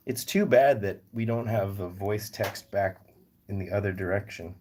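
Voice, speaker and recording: A man's voice: on the low side, steady tone, normal speed. A man from Northern Virginia hosting a casual live stream about rescue animals, jokey and rambling as he answers viewer comments aloud. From Northern Virginia, US East Coast.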